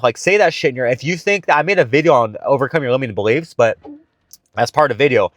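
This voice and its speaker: A man's voice: mid-range voice, fast, a bit bright, dry recording, clean studio sound. A young man giving blunt, profane, buddy-style dating advice in a casual vlog pep talk, calling his listeners bro and guys.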